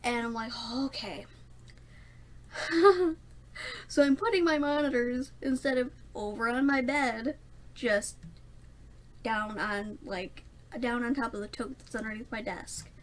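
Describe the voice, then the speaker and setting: A woman's voice: on the high side, normal speed. A young woman rambling through a casual storytime vlog, self-mocking and laughing often. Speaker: vlogger.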